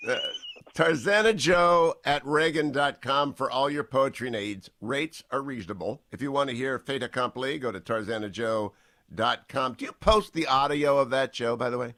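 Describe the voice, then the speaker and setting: A man hosting a talk radio show, bantering briskly and reading out a donation number. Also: medium pitch, a bit bright, no echo.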